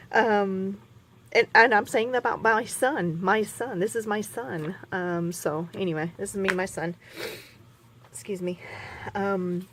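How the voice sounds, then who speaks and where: A woman's voice: medium pitch, a little hiss or hum. A woman chatting casually while scrapbooking at her craft table, rambling and poking fun at herself with lots of fillers. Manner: rambling, chatty, self-mocking, many fillers. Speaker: scrapbooking vlogger.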